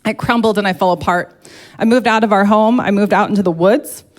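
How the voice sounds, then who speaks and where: A woman's voice: mid-range voice, fairly even intonation, fairly quick. A woman giving a heartfelt, emotional personal testimony to a church congregation, speaking openly and earnestly.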